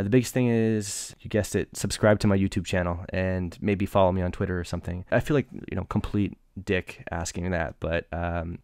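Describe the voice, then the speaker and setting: Joking self-deprecating podcast host, low voice. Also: male voice, darkish tone, no room sound, studio quality. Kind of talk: casual podcast monologue and interview.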